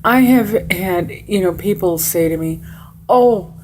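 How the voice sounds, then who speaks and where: Slow-talking blunt woman in her forties. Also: lowish voice, a little hiss or hum. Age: 40s. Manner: blunt, rambling, swears freely. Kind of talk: casual monologue to camera.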